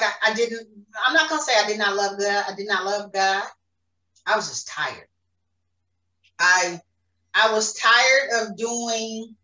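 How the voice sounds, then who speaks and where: A woman's voice: mid-range voice, sharp tone. A woman giving an earnest, emotional personal faith testimony as a podcast guest. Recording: roomy echo, distant mic.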